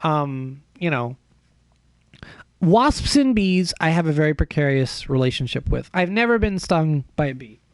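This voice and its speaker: A man with a fairly high voice spins a long, profane story for his stream. He is animated and self-mocking. The sound is dry and close, with no room ring. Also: a little slow, smooth, dry recording. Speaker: livestreamer. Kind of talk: casual storytelling stream chat.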